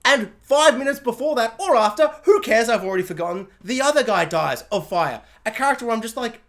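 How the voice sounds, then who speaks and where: Woman, TV reviewer, casual spoiler review, very lively pitch, joking, animated. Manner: animated, joking, acts out characters in quick voices.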